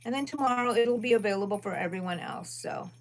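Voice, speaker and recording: Relaxed, chatty woman crocheting live. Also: medium pitch, fast talker. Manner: chatty and relaxed, drifting between dogs, chores and stitch counting. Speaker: crochet livestream host. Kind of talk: casual livestream chat while crocheting.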